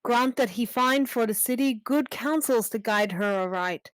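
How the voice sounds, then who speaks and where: A woman's voice: a little high, moderate pace, no room sound, close to an everyday voice, rough recording. A woman reading the part of a chorus of worshippers, with earnest, chant-like verse in an amateur online play reading. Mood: solemn.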